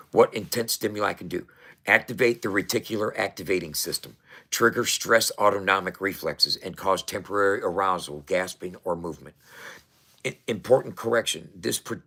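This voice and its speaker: A man talking casually to camera, profane and excitable, often restarting his sentences. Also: low voice, vocal fry, breathy edge. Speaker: vlogger.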